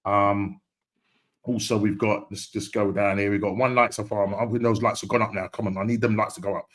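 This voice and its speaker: A man's voice: fairly low pitch, steady tone, brisk, a bit bright. A man hosting a casual football podcast live stream, upbeat and chatty, repeating phrases and often laughing. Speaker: podcast host.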